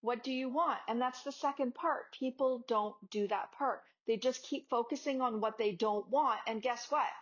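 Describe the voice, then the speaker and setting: A woman's voice: fairly high pitch, normal speed, few pauses. A woman yoga teacher and podcast host giving a casual motivational talk, chatty and acting out little dialogues with her students. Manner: conversational, acts out dialogues with students. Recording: slightly dull lo-fi audio.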